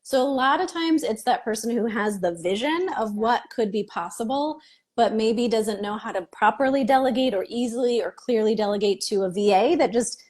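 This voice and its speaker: Woman guest on a video call, kinda high voice, upbeat, explains stuff clearly. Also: moderate pace, a little mellow. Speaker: business mentor guest. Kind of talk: casual interview chat.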